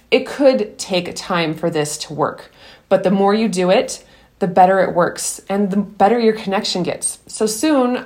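A woman hosting a podcast, giving earnest, encouraging parenting advice and telling her own story, often restarting sentences. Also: mid-range voice. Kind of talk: earnest advice talk mixed with personal story.

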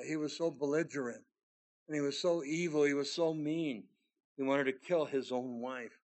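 A middle-aged man delivers a sermon with earnest conviction, his fairly high voice rising on scripture readings and falling soft for asides. He preaches like a pastor walking his congregation through a passage.

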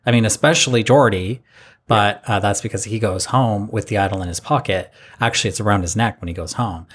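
Male podcast co-host, low husky voice, relaxed recap chat with playful impressions. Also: brisk. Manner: lively storytelling, mimics the players. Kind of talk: casual chat.

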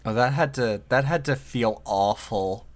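A co-host on a casual comedy podcast, speaking in a slow, rambling way. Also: mid-range voice.

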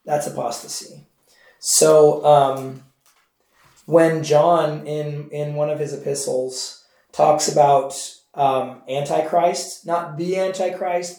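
Guy pastor teaching bible class, chatty with lots of ums, mellow voice, sounds far from the mic in a roomy echoey space. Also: fairly high pitch. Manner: conversational, with many fillers and asides to the class. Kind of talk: informal Bible study teaching. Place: church classroom.

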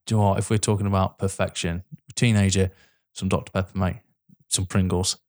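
A man's voice: sits low, level tone, brisk, a little mellow. A man in casual film chat, sweary and enthusiastic, calling people "mate" a lot.

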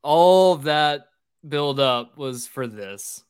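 A man's voice: fairly high pitch, animated, takes it slowly, clear, resonant tone, no room sound, clean studio sound. A man hosting a casual podcast, recapping a film's plot in a loose, rambling way with fillers and swearing. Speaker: podcast host recapping a film.

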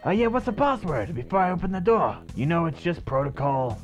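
A man voicing a wary male criminal guarding a door, calling out loudly. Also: on the high side, very animated, brisk, soft background music, pitched above the performer's own voice. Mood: suspicious.

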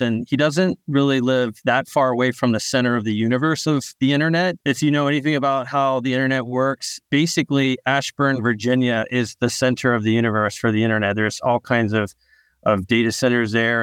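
A man, a startup founder, answering podcast interview questions in a relaxed storytelling way, often repeating a word as he restarts. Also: medium pitch, smooth, dry recording, studio quality.

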